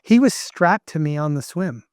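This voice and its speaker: A man's voice: fairly high pitch, lively intonation, normal speed, clear, resonant tone, no echo, studio quality. A middle-aged man, a podcast guest, talking earnestly and emphatically like a motivational speaker. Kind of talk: casual interview talk.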